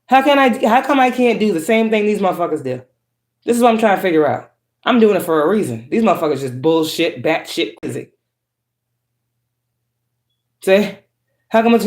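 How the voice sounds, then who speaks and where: Woman tarot reader, preachy and profane, roomy echo. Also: mid-range voice. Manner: profane, preachy, shifts between calm and harsh. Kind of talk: spiritual reading monologue.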